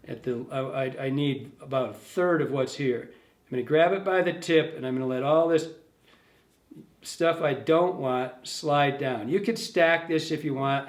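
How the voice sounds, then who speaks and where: A man demonstrating fly tying step by step in a loose, casual way, thinking aloud and correcting himself as he goes. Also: fairly high pitch. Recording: echoey room.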